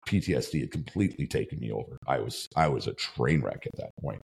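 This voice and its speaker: Low gravelly man telling a rambling story. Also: lively intonation, quick pace. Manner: rambling, profane, tags lines with "right?". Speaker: podcast host. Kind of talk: casual storytelling.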